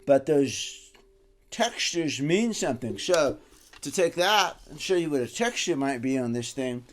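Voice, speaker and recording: Animated man teaching music. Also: fairly high pitch, unhurried. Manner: animated, rambling, chuckles, swings between loud and soft. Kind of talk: casual instructional talk.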